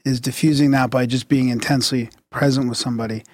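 A man's voice: medium pitch, fairly even intonation, fast, dry recording. A man hosting a podcast interview, thinking aloud and repeating words as he asks a question. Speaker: podcast host. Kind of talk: casual interview chat.

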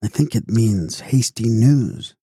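A man voicing a stout, tipsy middle-aged fortune-teller woman who repeats herself in a slow drawl. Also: medium pitch, lively intonation, dark tone, breathy edge, dry recording, studio quality. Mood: droning. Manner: drawling, repetitive.

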